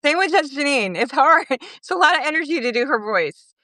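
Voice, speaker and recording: A middle-aged woman chatting as an interview guest over her phone, animated and quick with laughing asides. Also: sits high, no room sound. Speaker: podcast guest. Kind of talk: casual interview chat.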